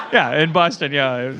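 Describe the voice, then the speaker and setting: A man hosting a comedy podcast, tossing in quick jokes and laughing often. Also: medium pitch, creaky, a bit bright. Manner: quick interjecting quips, frequent laughter. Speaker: podcast host. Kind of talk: casual comedic banter.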